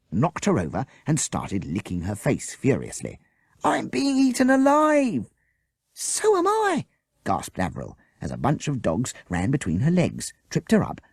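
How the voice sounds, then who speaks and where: Low, husky male narrator for a children's audiobook, very animated, dry close mic. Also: no room sound. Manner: lively, expressive.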